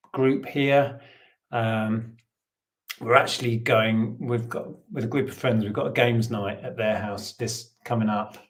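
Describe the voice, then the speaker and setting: A man from England co-hosting a relaxed conversation about reselling, chatty and opinionated. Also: medium pitch. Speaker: co-host. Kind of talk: casual chat.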